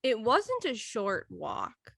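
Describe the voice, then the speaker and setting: A woman's voice: on the high side, takes it slowly, vocal fry, breathy edge, no room sound, clean studio sound. A young woman co-hosting a casual chat, telling a story animatedly and acting out the people she quotes. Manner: animated, acts out quoted voices, giggly. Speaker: podcast co-host.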